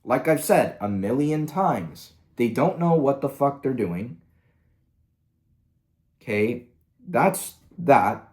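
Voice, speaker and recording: An angry man rants through a commentary video, swearing freely and sounding exasperated. His pitch sits in the middle but swings widely as he vents. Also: big pitch swings, slow pace, long pauses, darkish tone. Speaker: commentary host. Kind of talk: ranting commentary.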